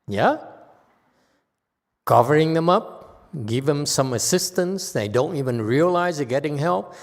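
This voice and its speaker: A man teaching at an unhurried pace, giving a Buddhist Dharma lecture to a live audience. He asks questions of his listeners and grows animated as he explains, and his voice rings with a long hall reverb. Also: a little high. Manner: slow, animated, quizzes the audience.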